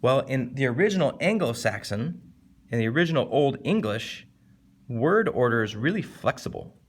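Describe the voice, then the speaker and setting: A man teaching a casual, animated literature lesson, jumping up in pitch to stress points and slowing down to read poem lines. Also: husky. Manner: animated, conversational, with sudden lifts in pitch for emphasis; reads poem lines slowly and deliberately.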